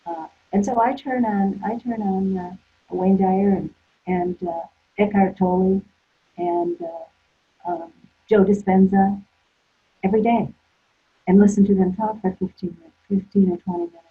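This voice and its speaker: A woman's voice: mid-range voice, steady tone, a little slow, long pauses, slightly rough. A woman therapist guest telling stories in a rambling way, full of restarts. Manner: rambling, with many restarts and fillers. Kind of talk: conversational storytelling. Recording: tinny phone-like line.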